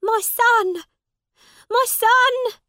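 A woman reading a storybook voices a frantic poor mother crying out for her son in a high, desperate shriek. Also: very slow, bright, forceful tone, no room sound, clean studio sound, exaggerated voice.

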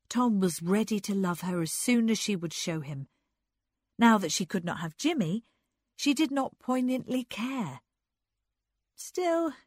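A woman narrating a novel in a measured, even reading. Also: mid-range voice, dry recording, clean studio sound. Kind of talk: scripted narration, audiobook.

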